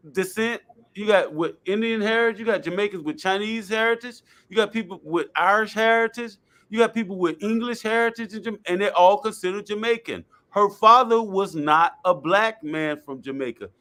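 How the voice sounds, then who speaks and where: Man, fairly high voice, blunt slangy talker who repeats himself for emphasis. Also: fairly bright tone. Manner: blunt, colloquial, repeats points. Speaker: guest speaker. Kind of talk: casual discussion.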